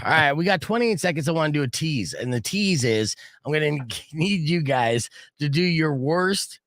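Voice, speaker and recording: A man hosting a radio show in a studio, animated and joking, swearing casually. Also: a little high, moderate pace, no echo. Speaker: radio host. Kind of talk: morning radio banter. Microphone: studio microphone.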